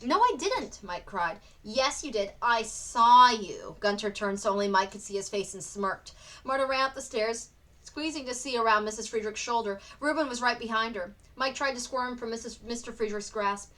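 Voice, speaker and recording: Woman teacher, storybook read-aloud, expressive, bright voice, slightly high. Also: fairly quick. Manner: expressive, acts out the characters.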